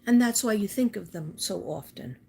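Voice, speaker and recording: A woman's voice: mid-range voice, animated, normal speed, gravelly, mellow, a little hiss or hum. Chatty woman doing a card reading. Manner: chatty and homespun, rambling with asides. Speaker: psychic card reader. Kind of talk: casual spoken card reading. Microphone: phone camera.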